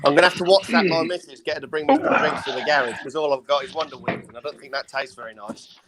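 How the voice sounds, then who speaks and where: Wisecracking man, loud crowd behind. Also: on the high side. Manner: quick wisecracks. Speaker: guest on livestream. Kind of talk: casual banter. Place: garage.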